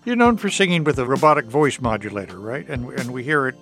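A man's voice: medium pitch, lively intonation, fast talker, fairly bright tone, soft background music. A man hosting a radio interview, asking questions in a playful and engaging way. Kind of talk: broadcast interview.

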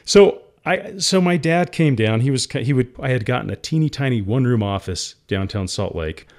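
A man's voice: medium pitch, lively intonation, normal speed, darkish tone. Middle-aged guy getting emotional telling his business story, laughs a lot. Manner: emotional, heartfelt, laughs often. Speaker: entrepreneur guest. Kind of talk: candid interview storytelling.

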